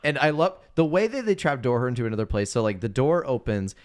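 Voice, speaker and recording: A man co-hosting a casual movie podcast, joking and retelling scenes with quick silly voices. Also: mid-range voice, animated, a little mellow. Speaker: podcast co-host. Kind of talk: casual movie-review chat.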